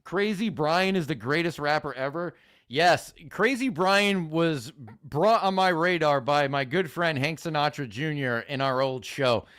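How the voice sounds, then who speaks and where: A man hosting a live reaction stream, talking in an excitable, profane, mock-enthusiastic way. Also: a little high, measured pace, smooth, no room sound, studio quality. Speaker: host reacting to videos.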